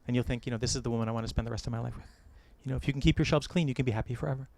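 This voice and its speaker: A middle-aged American man officiating a wedding, giving joking, gentle advice to the couple. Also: mid-range voice, steady tone, rapid-fire, creaky. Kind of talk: wedding ceremony address. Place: outdoor or hall wedding ceremony.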